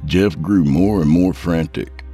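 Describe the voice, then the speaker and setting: Deep-voiced male narrator for horror fiction, measured, faint music bed. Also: warm tone. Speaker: storyteller.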